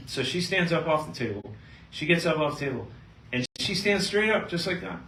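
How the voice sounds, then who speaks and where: A middle-aged man, a chiropractor, speaking to a live seminar audience and telling a patient story with lively storytelling. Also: medium pitch, fairly quick. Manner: storytelling, acting out both sides of a patient story, animated. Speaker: chiropractor giving a health seminar. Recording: echoey room, mic at a distance, faint noise.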